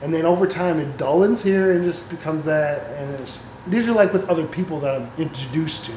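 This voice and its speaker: Guy rambling about spiritual stuff, swears a lot, kinda high voice, roomy echo. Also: a little fast, a little mellow, a little hiss or hum. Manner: rambling, profane, laughs often, reads passages aloud. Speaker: spiritual vlogger. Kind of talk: casual spiritual monologue.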